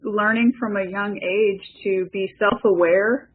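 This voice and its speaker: A woman's voice: mid-range voice, fairly even intonation, unhurried, slight background noise. Woman host on a tinny phone line. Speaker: show host. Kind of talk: casual chat.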